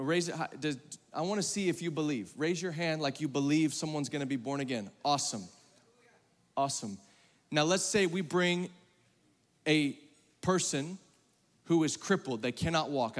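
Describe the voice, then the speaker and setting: A man preaching a sermon to a live congregation, talking conversationally and calling on the audience, moving between loud emphatic bursts and hushed, low passages. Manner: conversational, calls on the audience to raise hands. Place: large hall with a congregation. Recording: long hall reverb.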